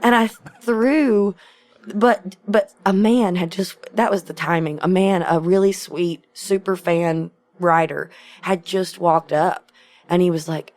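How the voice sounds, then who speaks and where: Animated, laughing woman telling stories. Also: lowish voice, measured pace. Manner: animated, laughs often, swears freely. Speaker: podcast guest, musician. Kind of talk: casual storytelling chat. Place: tour bus.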